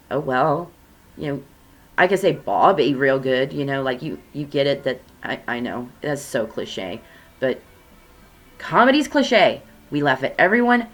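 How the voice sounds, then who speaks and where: Chatty self-mocking woman tarot reader. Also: deep voice. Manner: chatty and self-mocking, swings between loud and soft. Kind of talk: casual spiritual reading chat.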